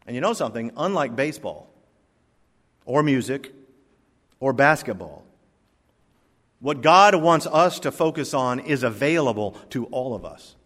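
Man preaching in a reverberant church hall. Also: a bit bright. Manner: storytelling preacher with wide swings in pitch and volume, slowing for emphasis. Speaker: pastor. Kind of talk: sermon. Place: church sanctuary.

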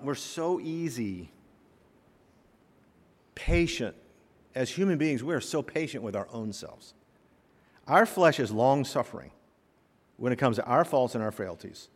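Animated preaching man in a reverberant hall. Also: medium pitch, a little slow, pauses often, breathy edge. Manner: animated storyteller, voices characters, swings loud and soft. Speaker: pastor. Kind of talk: sermon with acted stories. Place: church sanctuary.

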